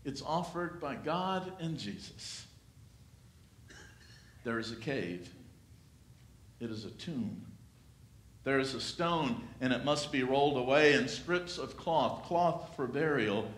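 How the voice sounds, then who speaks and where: Slow, dramatic preaching man, echoey church. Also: fairly high pitch, sing-song. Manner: slow, dramatic preaching with swells and hushed drops. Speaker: pastor. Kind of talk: sermon. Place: church sanctuary.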